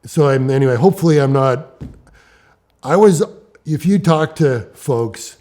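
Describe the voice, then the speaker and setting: Middle-aged guy from ontario telling climbing stories, gets animated, warm low-key tone. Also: a little slow. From Ontario, Canada. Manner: animated, restarts sentences. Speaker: rock climber interviewee. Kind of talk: animated storytelling.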